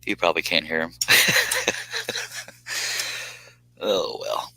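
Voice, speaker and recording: Low bright-toned man chatting while working. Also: huge pitch swings, takes it slowly, vocal fry, breathy edge, no echo, rough recording. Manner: rambling, self-deprecating, chuckles often. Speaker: live stream host reading chat. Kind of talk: casual live stream chat while working. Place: workshop.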